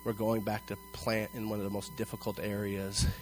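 A male pastor preaching a sermon to a congregation in church, telling a personal story and acting out its dialogue with animated delivery. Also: fairly low pitch, a little fast, soft background music, rough recording. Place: church service before a congregation.

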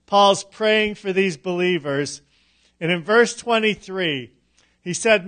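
Middle-aged male pastor, high-pitched, slow and emphatic delivery, light humor. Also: fairly bright tone. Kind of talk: sermon.

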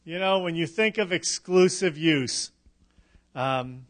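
A middle-aged man preaching a sermon, emphatic and unhurried, with dramatic pauses and touches of humor. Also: a little high. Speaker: pastor.

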